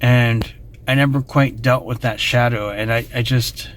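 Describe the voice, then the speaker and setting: A man's voice: medium pitch, fairly even intonation, a little slow. Middle-aged man, personal storyteller, emotional and meandering, light faint hiss behind. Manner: rambling, emotional, trails off into quiet asides.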